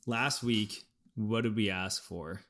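A man co-hosting a sports podcast, thinking aloud in an animated way with frequent restarts as he breaks down his team's football season. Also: lowish voice, slow. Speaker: podcast co-host. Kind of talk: casual sports podcast analysis.

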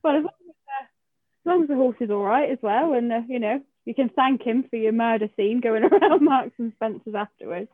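A woman's voice: a little high, no echo, phone-quality sound. A woman, a podcast guest, chatting casually and laughing often. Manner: laughs a lot, quick reactions. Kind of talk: casual chat.

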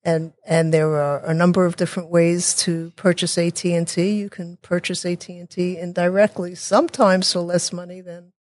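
A woman talking as a guest in a casual interview, chatty and quick to restart her sentences, with sarcastic asides. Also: on the low side, level tone, a little mellow, no echo. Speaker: guest, technology consultant.

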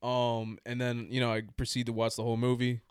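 A man in an easygoing conversational voice recounts his day, rambling and poking fun at himself. The sound is dry and close, with no room echo. His pitch sits in an ordinary middle range. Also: monotone, fairly quick, smooth. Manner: rambling, self-mocking, laughs through his own story. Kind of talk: casual storytelling.

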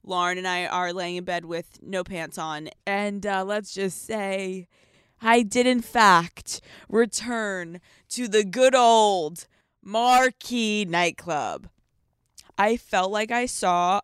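A young woman hosting a casual vlog-style podcast, excitable and profane, laughing often as she talks. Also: mid-range voice, slow pace, clean tone, no room sound, clean studio sound. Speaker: podcast host. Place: hotel room.

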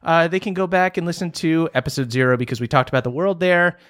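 A man's voice: a little high, quick pace, a bit bright. A man hosting a tabletop game podcast as game master, opening with a playful, mock-grand storybook narration.

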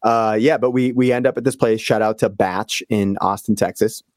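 A man, a podcast guest telling a story in casual, animated chat and swearing freely. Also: fairly low pitch, moderate pace, dry recording, studio quality. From Boston area.

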